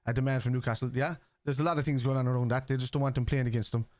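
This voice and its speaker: Scouse guy streaming a footy watchalong, just chatting to chat, mid pitch, dry sound. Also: fairly even intonation, very fast, darkish tone, dry recording. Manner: chatty, reads chat aloud and answers it. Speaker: streamer hosting a football watchalong. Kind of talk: live stream chat with viewers.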